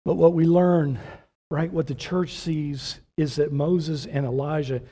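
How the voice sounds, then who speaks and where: A man preaching a sermon as pastor, asking rhetorical questions and building to emphatic points. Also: fairly high pitch. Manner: animated preaching with rhetorical questions, slow measured delivery.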